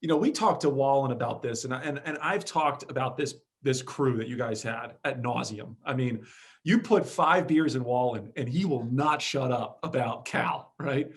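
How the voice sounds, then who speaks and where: A man hosting a podcast interview, asking questions in a blunt, energetic, casual way and swearing freely. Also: mid-range voice, normal speed, slightly rough. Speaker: podcast host.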